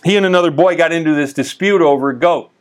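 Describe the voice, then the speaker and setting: A man teaching the Bible in a casual, conversational way, telling stories with lively asides and frequent restarts. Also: on the high side, fast talker.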